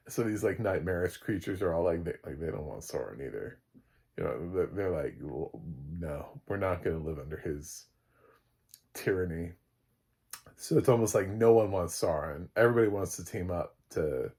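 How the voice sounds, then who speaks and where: Rambling, laughing man with a husky voice. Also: low-pitched, warm tone. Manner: rambling, laughing, lots of fillers and restarts. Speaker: TV reviewer. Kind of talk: casual solo review chat.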